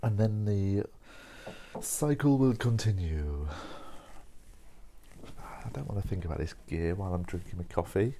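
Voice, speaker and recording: A man's voice: low voice, animated, measured pace, long pauses, warm tone, a little hiss or hum. A young man rambling casually over coffee, informal and sweary, dropping "mate" and "like" as he talks. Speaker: podcast host.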